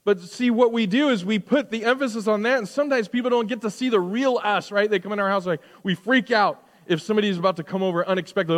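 A middle-aged man with a high voice preaches in a casual, conversational way. He throws out rhetorical questions and swings from loud emphasis to soft, hushed lines. His voice carries a long reverb, as in a large church. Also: fast talker, hardly any pauses. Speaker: pastor. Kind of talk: sermon.

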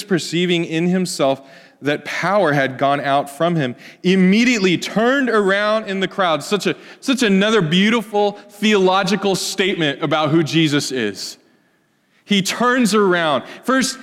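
A man delivers a sermon from the pulpit, his voice pitched notably high. He moves between loud, emphatic stretches and soft, hushed asides. A long reverb trails each phrase, as in a large church hall. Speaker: pastor.

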